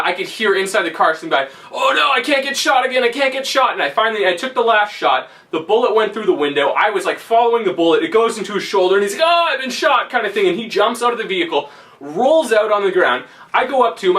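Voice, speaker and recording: A man's voice: high-pitched, a bit bright, far from the mic. A man casually telling a story, rambling and laughing, with lots of fillers. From Canada. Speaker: vlogger.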